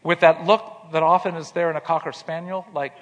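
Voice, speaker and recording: A man telling a personal story in an earnest way, repeating words as he starts and going quiet in tender moments. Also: a little high, steady tone, brisk, in a large hall. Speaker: speaker telling his life story.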